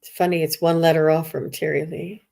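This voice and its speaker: A woman hosting a live psychic reading stream, softly reading out viewer questions and offering sympathy. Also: deep voice, level tone, brisk, vocal fry. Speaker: host, psychic medium.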